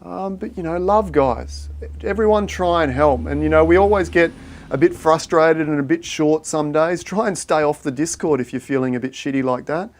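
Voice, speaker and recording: A man's voice: on the high side, normal speed. Chatty man hosting a livestream. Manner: thinks aloud while reading viewer chat, matey and chatty. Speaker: livestream host. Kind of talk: casual livestream chat.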